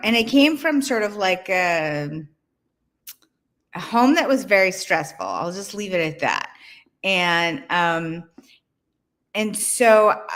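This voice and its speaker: A woman's voice: mid-range voice, fairly bright tone. A middle-aged woman from Boston, a guest author chatting candidly and laughing often in an interview over a video call. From Boston, USA. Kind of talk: casual interview chat.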